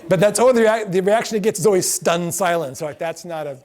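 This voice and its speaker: A middle-aged man giving a lecture to a class, telling lively anecdotes and acting out the quotes. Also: high-pitched, fast. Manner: animated storyteller acting out quotes.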